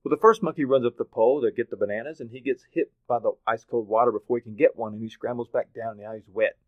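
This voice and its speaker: A man from Oklahoma gives a motivational talk and tells animated stories, acting out voices as he goes. His voice sits in the middle range. The recording is dry and thin, as if heard over a phone line. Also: mid-range voice, fast talker, no room sound. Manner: animated storytelling, acts out voices and laughs. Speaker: motivational speaker. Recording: dry, phone-like narrow sound.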